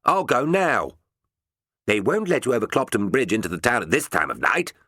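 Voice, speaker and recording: Man playing a vain showy actor, florid, lively swooping voice, dry sound. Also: mid-range voice, normal speed, slightly rough, dry recording, pitched above the performer's own voice, exaggerated voice. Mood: flamboyant. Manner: florid, theatrical, self-admiring. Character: vain theatrical male actor narrator, flamboyant.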